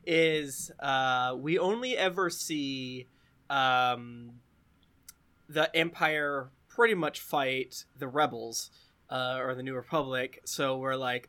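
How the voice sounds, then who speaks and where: A man co-hosting a casual podcast chat, quick and joking, rambling through his thoughts. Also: medium pitch, bright, forceful tone. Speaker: podcast co-host.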